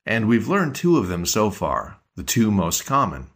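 Male teacher, husky low voice, measured scripted lesson delivery. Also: huge pitch swings. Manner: measured, explanatory. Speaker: language teacher.

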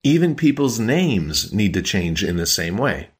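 A man co-hosting a scripted podcast language lesson, calmly explaining grammar rules with examples. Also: on the low side, measured pace, slightly rough.

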